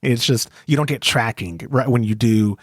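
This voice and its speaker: A man's voice: mid-range voice, normal speed, no echo, clean studio sound. An American man co-hosting a podcast in a casual, rambling and joking way. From United States. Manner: rambling, self-deprecating, joking. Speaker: podcast co-host.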